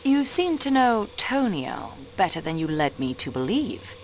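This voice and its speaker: A cool persistent detective, expressive voice, polite and pointed. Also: female voice, medium pitch, a little slow, slight background noise. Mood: probing. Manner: poised, probing and polite, with French phrases. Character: sharp young female sleuth, cool and persistent. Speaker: railway clerk acting as detective. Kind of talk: video game voice acting.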